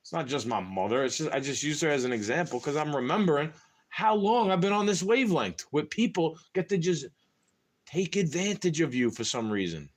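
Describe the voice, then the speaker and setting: A man's voice: a little high, lively intonation, brisk. A young man venting in a rambling, casual monologue to camera, frustrated and full of slang. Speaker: vlogger.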